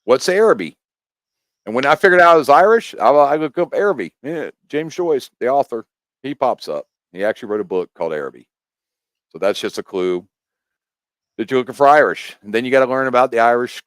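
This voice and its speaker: A man's voice: medium pitch, brisk, no echo. American guy on a podcast rambling through his theories, dry close sound. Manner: rambling, animated explaining with restarts. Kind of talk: casual chat.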